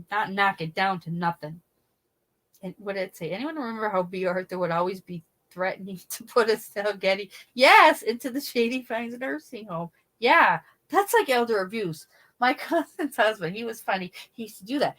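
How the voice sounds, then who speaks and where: A woman's voice: mid-range voice, lively intonation, moderate pace, a bit bright. Middle-aged woman, livestream host, casual chatty storyteller who laughs a lot. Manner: chatty, laughs often, acts out quoted voices. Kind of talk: casual chat.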